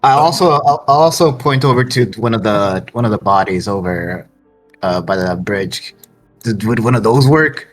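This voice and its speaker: A man's voice: on the low side, lively intonation, normal speed, soft background music. A man playing in a tabletop game, laid-back and repeating his words as he talks. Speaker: player. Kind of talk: tabletop role-play chat.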